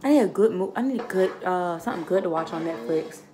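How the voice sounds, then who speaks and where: A woman chatting casually and telling animated stories, laughing often. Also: fairly low pitch, fast talker. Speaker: vlogger. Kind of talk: casual chat.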